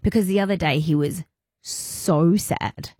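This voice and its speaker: An Australian woman in her thirties co-hosting breakfast radio, chatting and telling stories in an animated way. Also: fairly low pitch, a little slow, slightly rough, no room sound, studio quality. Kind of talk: casual radio chat. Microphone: studio microphone.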